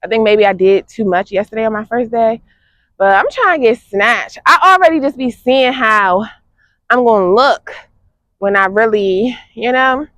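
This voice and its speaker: A woman's voice: on the high side, normal speed, no echo. Chatty young woman vlogging outdoors. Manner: chatty and animated, laughing often. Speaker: fitness vlogger. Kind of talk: casual vlog chat to viewers.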